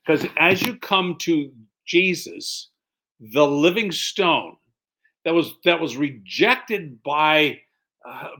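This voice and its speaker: A male pastor giving a relaxed, conversational sermon, reading scripture aloud and explaining as he goes. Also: fairly high pitch.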